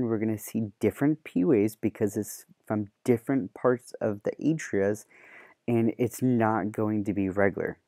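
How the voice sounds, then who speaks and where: A man teaching nursing students in a relaxed, explanatory lecture, leaning on homespun analogies and occasional fillers. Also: mid-range voice, no echo, clean studio sound. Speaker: nursing and paramedic instructor. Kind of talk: classroom lecture.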